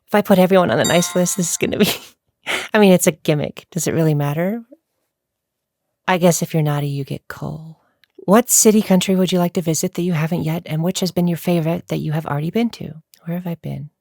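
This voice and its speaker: Chatty woman vlogger, low gravelly tone, dry close sound, rambling Q&A answers. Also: brisk, darkish tone, no echo. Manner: chatty, rambling, laughs often. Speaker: YouTuber answering viewer questions. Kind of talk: casual Q&A vlog.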